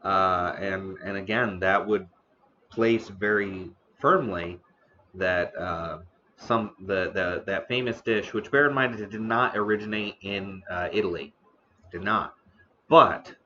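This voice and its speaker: A man hosting a casual live stream about the history of noodles, talking slowly with many fillers and restarts, eating now and then. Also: deep voice, pushed and bright, muffled recording, slight background noise. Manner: eating on stream between remarks. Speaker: streamer host.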